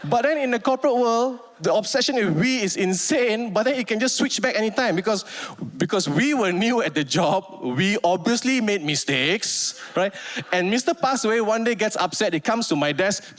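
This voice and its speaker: A Malaysian man performs stand-up comedy in Malaysian English. His voice sits high and swoops widely as he tells stories and acts them out. The delivery is lively and theatrical. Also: normal speed, hardly any pauses. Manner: animated storytelling, acting out scenes.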